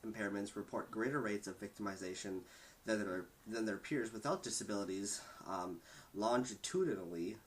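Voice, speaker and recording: Lower-voiced man reading statistics aloud. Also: poor audio. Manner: steady, measured reading with small stumbles. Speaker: podcast host reading statistics.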